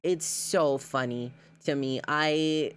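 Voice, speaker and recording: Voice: medium pitch, fairly even intonation, slow, clear, resonant tone. Giggly rambling streamer chatting casually. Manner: rambling, giggly, many fillers and repeats. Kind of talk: casual livestream reaction chat.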